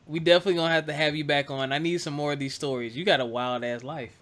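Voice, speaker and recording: A man's voice: a little high, steady tone, rapid-fire, a bit bright. A man hosting a podcast in casual chat, joking and bantering playfully. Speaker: podcast host.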